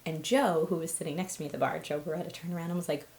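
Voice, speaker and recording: A woman's voice: sits low, steady tone, rapid-fire, a little mellow, roomy sound. A young woman telling personal stories in a candid, conversational way, with frequent fillers and short laughs. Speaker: host. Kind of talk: personal storytelling vlog.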